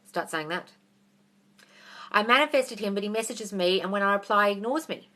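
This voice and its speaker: Australian woman, 30s, brash livestream coach, bright tone, blunt and sweary. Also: medium pitch, normal speed. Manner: blunt, brash and profane, calls listeners darling. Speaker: manifestation coach. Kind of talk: livestream Q&A, reading and answering viewer questions.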